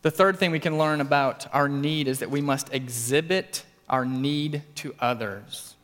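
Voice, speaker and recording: A man preaching in an earnest sermon style, his slightly high voice climbing for stressed points and sinking low for quiet ones. The sound carries a long reverb, as from a church hall. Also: unhurried. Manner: earnest preaching, rising to emphatic peaks and dropping low. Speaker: pastor.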